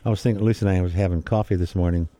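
A man's voice: low-pitched, steady tone, very fast, dark tone, no echo. A man in casual conversation, chatty and anecdotal, acting out little quoted exchanges as he talks. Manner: chatty storyteller, acts out quoted voices with laughs.

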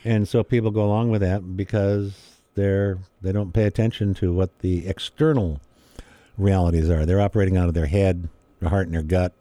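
A man's voice: low voice, fairly even intonation, normal speed, warm tone, no echo. A man in casual conversation, chatty and anecdotal, acting out little quoted exchanges as he talks. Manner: chatty storyteller, acts out quoted voices with laughs.

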